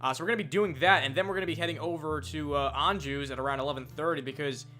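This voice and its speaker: A man's voice: fairly high pitch, fast, bright, forceful tone, slight background noise. A young man casually commentating a video game, wry and rambling, with the odd swear and aside. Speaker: let's play commentator. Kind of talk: game commentary, reading dialogue aloud.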